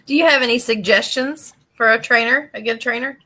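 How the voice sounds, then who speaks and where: A woman's voice: fairly high pitch, a little fast, pushed and bright. A woman co-hosting a casual podcast chat, mostly giving short replies and asking brief questions.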